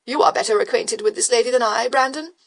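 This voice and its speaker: A woman voicing a foppish, theatrical Regency gentleman in an audiobook, affected and exclaiming. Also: on the high side, fast, vocal fry. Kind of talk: audiobook character voice.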